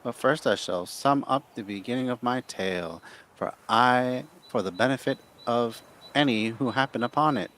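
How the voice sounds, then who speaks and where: A man's voice: medium pitch, moderate pace, fairly bright tone, a little hiss or hum, natural voice. A man voicing a whiny, pompous spoiled young inventor while reading his note aloud.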